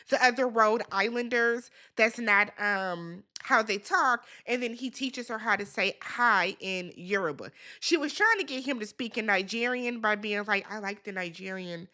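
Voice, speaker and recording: A woman's voice: a little high, bright, forceful tone. A woman recapping a reality dating show in a casual, sassy way, talking back to the people on screen. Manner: chatty, with laughs and filler words.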